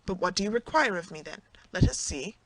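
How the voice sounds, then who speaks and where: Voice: medium pitch, animated, brisk, fairly bright tone, no room sound, low-quality recording. An audiobook narrator voicing a cowardly, greedy fifty-year-old mercer who speaks proudly and self-importantly. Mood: flustered.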